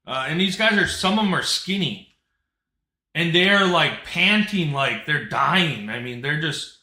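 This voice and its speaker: Male host, bright and a bit high, blunt and emphatic, echoey studio sound. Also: moderate pace. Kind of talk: casual live talk-show chat.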